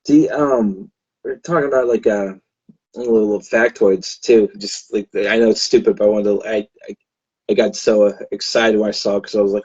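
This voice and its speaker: A man's voice: lowish voice, steady tone, fairly quick, a little mellow, husky. A man chatting casually as a podcast guest, rambling with lots of fillers. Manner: rambling, many fillers and restarts. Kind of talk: casual chat. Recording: dull lo-fi recording.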